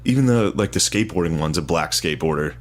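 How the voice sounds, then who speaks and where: A man's voice: deep voice, animated, fast talker. A man in casual chat, laid-back, with short reactions.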